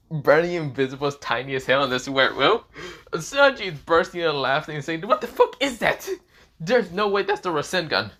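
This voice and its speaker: A man's voice: a little high, sharp tone. A man improvising a fan story, rambling with many restarts and swearing casually.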